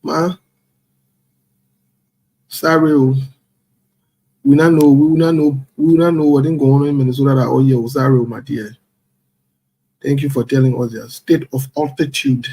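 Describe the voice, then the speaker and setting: A husky-voiced man runs a loose, chatty live stream. He reads out viewers one after another with a playful, chuckling ease, and his voice sits in an ordinary middle register. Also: medium pitch, fairly even intonation, unhurried, pauses often, dark tone. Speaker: livestream host. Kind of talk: casual live-stream chat, reading out viewers.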